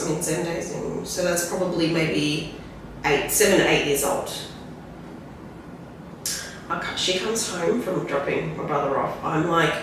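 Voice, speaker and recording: A woman guest telling a candid personal story in a rambling, halting way, often tagging lines with "right?". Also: sits low. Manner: rambling, tag questions like "right?"; halting, restarts when emotional. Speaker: podcast guest. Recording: very echoey room, distant mic, faint noise.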